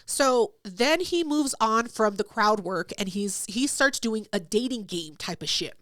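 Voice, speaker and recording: A young woman co-hosting a podcast, telling a story in casual chat, profane and animated, acting out what people said. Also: fairly high pitch, measured pace, dry recording, studio quality. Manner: animated, profane, acts out quotes. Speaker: podcast co-host.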